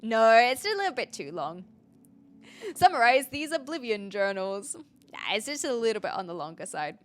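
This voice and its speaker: A woman's voice: fairly high pitch, big pitch swings, moderate pace. An American woman streaming a game, chatting casually, laughing often and answering chat. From United States. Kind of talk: casual live game commentary.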